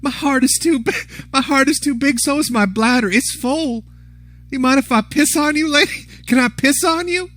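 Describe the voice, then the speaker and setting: A man putting on a high, whiny voice to mock a celebrity, confessing crude things as a joke. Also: moderate pace, fairly bright tone. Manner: high mocking whine, crude. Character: whiny male celebrity mocking himself crudely.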